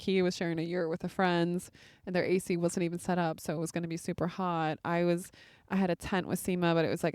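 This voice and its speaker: Speaking on the low side with a somewhat mellow tone, this podcast host tells a personal anecdote casually, her chatter full of fillers. The audio is clean studio quality, with no echo at all.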